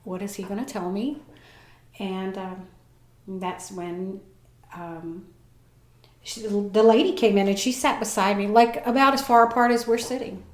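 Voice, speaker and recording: A woman in her forties telling a personal story as a podcast guest, lively and acting out the people she quotes. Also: mid-range voice, measured pace. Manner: animated, acts out voices in her story. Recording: echoey room.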